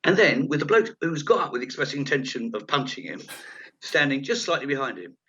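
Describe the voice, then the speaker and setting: A man's voice: medium pitch, fairly quick, breathy edge. Rambling man telling a story. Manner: rambling, animated, acts out quoted voices. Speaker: comedian guest. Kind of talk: anecdotal storytelling in an interview. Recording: dull lo-fi audio.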